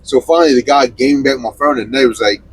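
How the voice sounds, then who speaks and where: A young man co-hosting a trucking podcast, telling road stories loudly, laughing often and swearing a lot. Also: medium pitch, fast, a little hiss or hum, rough recording. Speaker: podcast co-host, truck driver. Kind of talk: casual chat.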